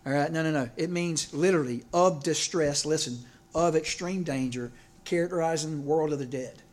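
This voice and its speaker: A man's voice: a little high, a little fast. A man, preaching a casual, conversational sermon in a church, often stopping to ask "okay?" and "all right?". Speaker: preacher and teacher.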